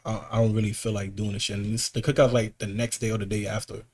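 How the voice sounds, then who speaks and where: A man's voice: lowish voice, level tone, fast. A man co-hosting a podcast, telling a personal story in casual slang with lots of swearing, his voice rising sharply when he gets worked up. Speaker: podcast co-host.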